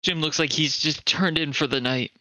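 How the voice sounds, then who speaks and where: A man's voice: fairly high pitch, normal speed, pushed and bright, slight background noise, low-quality recording. A man voicing a theatrical male prosecutor, melodramatic and overwrought, dubbing a game with a friend. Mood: indignant.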